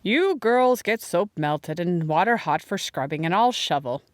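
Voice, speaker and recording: A woman's voice: lowish voice, lively intonation, measured pace, dry recording. A woman reading the part of a kindly, dry-humored older handyman in an audiobook. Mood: amused. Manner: dry, matter-of-fact grumbling.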